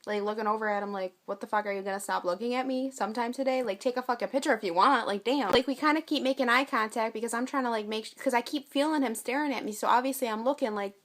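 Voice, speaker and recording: A woman's voice: fairly high pitch, quick pace, few pauses, fairly bright tone. A young woman telling a storytime vlog in a blunt, profane, casual way, acting out what she and others said. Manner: blunt, profane, with acted-out quotes. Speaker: vlogger.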